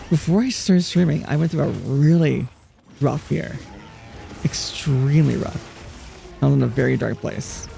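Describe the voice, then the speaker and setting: A male streamer with a soothing, relaxing voice, pitched a little high but mellow in tone. He speaks softly and unhurriedly, with a gravelly edge, and faint music plays behind him. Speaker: live streamer. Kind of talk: casual chat, answering viewers while gaming.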